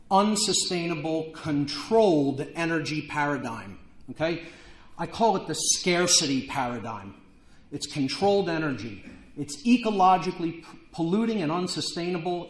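A man giving a fast-moving, emphatic lecture to an audience at a conference event. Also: on the high side, echoey room, rough recording. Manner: emphatic, declamatory. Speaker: speaker. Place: event hall.

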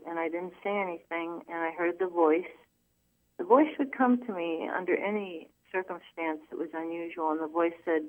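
Earnest woman on a tinny phone line. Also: lowish voice. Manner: earnest, halting with fillers. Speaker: phone-in guest. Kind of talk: personal storytelling.

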